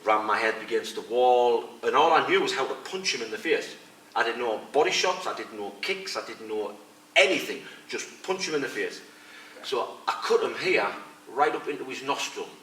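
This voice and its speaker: Speaking at normal speed in a mid-range voice, the retired fighter and coach recounts fight stories bluntly, voicing the people in them as he goes. The middle-aged interviewee's casual chat is picked up by a faraway mic in an echoey, faintly noisy room.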